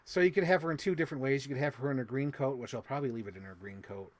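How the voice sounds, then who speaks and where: Brief: man, mid-pitched voice, rambling unboxing chatter full of fillers and mild swearing, spikes into squealing excitement. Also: very fast, no echo. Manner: bursts into high-pitched gushing excitement. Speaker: toy collector vlogger. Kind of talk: casual unboxing chat.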